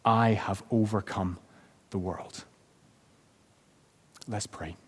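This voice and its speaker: A man's voice: lowish voice, steady tone, slow, breathy edge. A man preaching a sermon as pastor, then leading a closing prayer. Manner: reads a story aloud with rising, shouted quotes. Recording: long reverb of a church hall.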